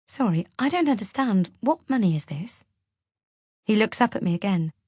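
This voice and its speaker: A woman's voice: mid-range voice, expressive, normal speed, a little mellow, slightly rough, dry recording, studio quality. A woman narrating a thriller audiobook in the first person, with a tense, bewildered delivery. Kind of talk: first-person novel reading.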